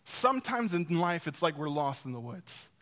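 A man preaching with a high, bright voice. He tells stories and talks straight to the congregation with asides. At times he drops to a near hush, and at times he pushes hard for emphasis. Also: sing-song, normal speed. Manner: storytelling, swings between loud emphasis and hushed intimacy; speaks to the congregation directly, with asides. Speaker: pastor. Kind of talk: sermon.

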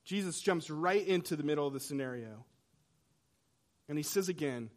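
A man preaching a sermon in a conversational way, swinging between loud emphasis and quiet, hushed lines. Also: a little high, expressive, normal speed. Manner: dramatic shifts between loud and soft. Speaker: pastor.

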